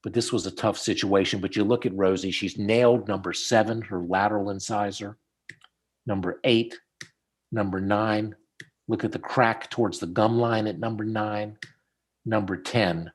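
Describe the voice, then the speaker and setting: Low-voiced dentist teaching over a call. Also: male voice, normal speed, husky. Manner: storytelling, animated when quoting people. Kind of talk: casual teaching chat over slides. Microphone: video call.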